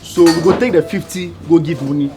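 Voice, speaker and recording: A man's voice: fairly high pitch, brisk, background noise, lightly acted. A man speaking plays a scheming worker who has travelled from far away. He rambles and repeats himself as he tries to persuade others.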